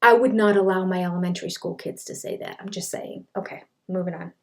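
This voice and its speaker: An older woman, a speech language pathologist, giving casual commentary on a reality show and reading quotes aloud in an exasperated, animated way. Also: on the low side, fast, gravelly, few pauses. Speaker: reaction channel host.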